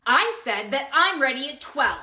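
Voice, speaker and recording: A woman's voice: high-pitched, sing-song, normal speed, sharp tone, heavily acted. Woman doing rude entitled customer. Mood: demanding. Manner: impatient, demanding. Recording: echoey room.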